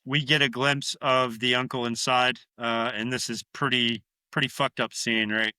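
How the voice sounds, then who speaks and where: A man's voice: medium pitch, moderate pace, smooth, dry recording. A man co-hosting a podcast, retelling a horror film scene by scene in casual, profane chat. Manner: profane, animated retelling with acted-out quotes. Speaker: podcast co-host.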